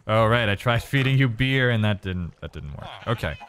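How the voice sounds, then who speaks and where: A man's voice: fairly low pitch, moderate pace, background noise. A man giving casual gameplay commentary, talking to himself and exclaiming as he plays. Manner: animated, exclaiming, talks to himself. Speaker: let's play gamer.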